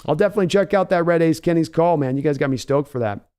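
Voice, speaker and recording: A man's voice: fairly high pitch, fast, darkish tone, clear, resonant tone. Chatty man hosting a live stream. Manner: rambling, chatty, reads donations. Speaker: host. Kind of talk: live stream reaction chat.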